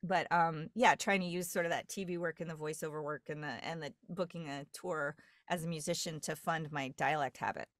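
A woman's voice: low-pitched, fairly even intonation, fairly quick, no room sound, clean studio sound. A woman from New York, a dialect coach, telling stories in a rambling casual chat full of fillers and restarts. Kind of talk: casual podcast conversation.

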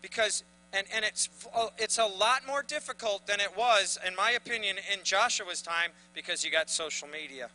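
A man's voice: high voice, normal speed, few pauses, sharp tone, rough recording. A man preaching a sermon to his congregation, building to emphatic bursts. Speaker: pastor.

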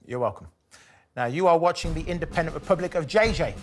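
Brisk male talk show host. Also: on the high side, soft background music. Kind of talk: live TV talk show presenting.

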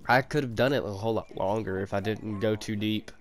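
A young man with a sore throat chatting casually while playing in VR, laughing at himself and swearing freely. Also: lowish voice. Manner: laughing, self-mocking, quick to swear. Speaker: gamer. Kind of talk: casual VR game chat. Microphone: VR headset.

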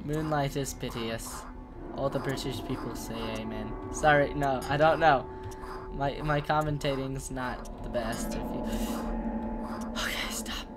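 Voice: mid-range voice, fairly even intonation, measured pace, over loud music. A gamer giving rambling, jokey commentary while playing through a game. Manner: jokey, rambling self-talk. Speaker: gaming commentator. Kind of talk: let's play commentary.

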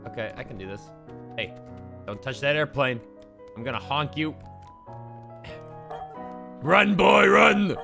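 A young man giving casual, profanity-laced commentary while playing a game, with lively stretches of storytelling. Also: medium pitch, moderate pace, pauses often, faint music behind. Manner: swearing, animated storytelling. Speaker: streamer.

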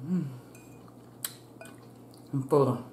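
A woman's voice: low voice, very slow, warm tone. A woman food vlogger chatting casually to her viewers while eating, calling them y'all. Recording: echoey room with faint ambience.

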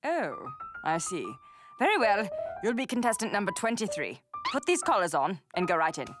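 A woman's voice: mid-range voice, big pitch swings, normal speed, over loud music, natural voice. A woman voicing a prim, officious cartoon contest registrar. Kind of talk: cartoon voice acting.

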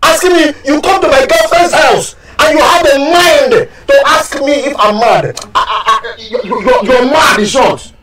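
An actor with a Nigerian accent playing an indignant, scheming young boyfriend in a Nollywood film. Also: male voice, extremely high pitch, moderate pace, few pauses, shouting, over music. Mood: angry. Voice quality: emphatic, rambling and accusing. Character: bitter scheming young man, loud and indignant. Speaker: jilted boyfriend. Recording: echoey room, voice from far off.

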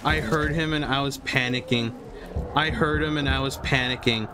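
A man's voice: mid-range voice, fairly even intonation, normal speed, over music. A young man commentating his own gameplay, talking to himself, repeating phrases and reacting jumpily. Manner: talks to himself, repeats phrases, jumpy and exclaiming. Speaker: gaming video host.

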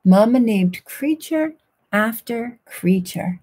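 A woman reads a bedtime picture book aloud in a hushed, soothing voice. Her tone is mellow and a little breathy, and she reads slowly and gently. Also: mid-range voice. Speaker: storyteller. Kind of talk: quiet bedtime story reading.

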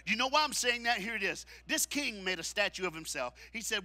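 Man, preacher, high pitched, piercing bright tone, call-and-response sermon. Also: animated, brisk, hardly any pauses. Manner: dramatic, swings from shouting to hushed. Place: church auditorium.

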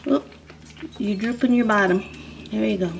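A woman's voice: mid-range voice, normal speed, vocal fry, lo-fi sound, a little hiss or hum. A woman talking in sing-song, doting baby talk to a puppy while she films it. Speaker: dog breeder filming a puppy.

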